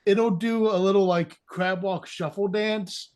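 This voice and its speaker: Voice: mid-range voice, steady tone, a little slow, a little mellow, clean tone. A tabletop game player who jokes around, full of likes and restarts.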